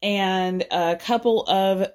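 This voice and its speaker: A woman hosting a casual pop-culture podcast, chatting in a gossipy way with lots of fillers and asides, and jumping her pitch up for emphasis. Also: steady tone, slow pace, a little mellow. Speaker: podcast host.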